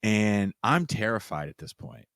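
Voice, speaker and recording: A man hosting a podcast, telling a story in casual chat, animated and swearing freely with self-mocking humor. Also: on the low side, unhurried, dry recording, clean studio sound. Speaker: podcast host.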